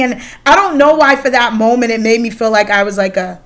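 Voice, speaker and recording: A woman's voice: sits high, quick pace, hardly any pauses, a bit bright. A woman in her thirties hosting a casual chat, candid and swearing freely, with lots of fillers. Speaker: podcast host.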